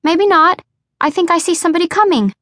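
A woman reading an audiobook, voicing a bubbly, nervous young pregnant woman who talks in a high, excitable rush. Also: brisk, no room sound. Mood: excitable, anxious. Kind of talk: audiobook character voice.

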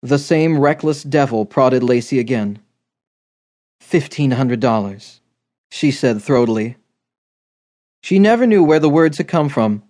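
A male audiobook narrator reading a romance in steady, measured storytelling. His voice sits at an ordinary middle pitch. The delivery is even and unhurried. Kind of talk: scripted narration.

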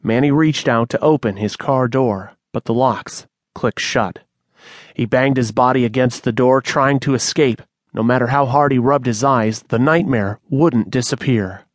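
Man narrating an audiobook, slow and suspenseful, dry close studio sound. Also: mid-range voice, dry recording. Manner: measured, suspenseful storytelling.

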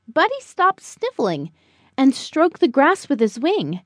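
Slow, lively woman reading a kids' story. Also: high-pitched, no echo, studio quality. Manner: slow, expressive and animated. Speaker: audiobook narrator. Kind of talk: children's storybook narration.

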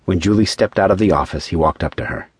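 A male audiobook narrator with a very low, husky voice reads a story in a measured, even way. The close mic gives a dry, dead sound with no room around it. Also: no room sound. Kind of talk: scripted narration.

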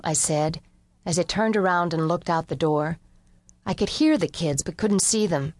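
A woman's voice: lowish voice, expressive, normal speed, a little mellow, no echo. Woman narrating a wry first-person mystery. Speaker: audiobook narrator.

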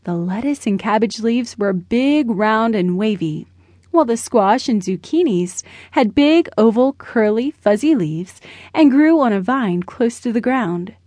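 Lady reading a kids story, soft and steady, bit high voice, dry close sound. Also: no room sound. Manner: gentle, measured. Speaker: audiobook narrator. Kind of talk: children's storybook narration.

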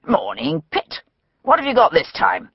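A woman voicing a brisk, cheerful middle-aged male police surgeon, wry and matter-of-fact, for an audiobook. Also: medium pitch, huge pitch swings, vocal fry, breathy edge, no room sound, lo-fi sound, exaggerated voice. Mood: cheery.

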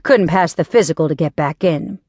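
A woman narrating an audiobook, voicing a gruff former cop man who speaks in a flat, clipped way without emotion. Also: fairly low pitch, normal speed, no room sound, close to an everyday voice. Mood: blunt.

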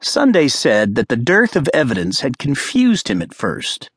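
Expressive male thriller narrator. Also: mid-range voice, moderate pace, breathy edge, no room sound, clean studio sound. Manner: steady, grave storytelling. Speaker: audiobook narrator. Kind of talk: scripted narration.

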